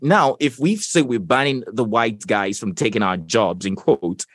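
A young Nigerian man speaks with a Nigerian accent, his pitch rising and falling in a lively, animated way as he stresses key phrases. He sounds measured and emphatic, recorded close and dry with no room around him. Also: no echo. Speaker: voiceover artist guest. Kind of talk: interview answers.

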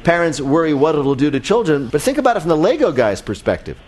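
A man's voice: fairly high pitch, very animated, fast talker, a little mellow. A man hosting a radio quiz show, with a wry, joking delivery.

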